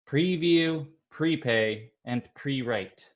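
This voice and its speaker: Slow, patient male teacher. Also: a little high, animated. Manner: slow, patient, encouraging with children. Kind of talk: online class lesson. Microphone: computer mic on a video call.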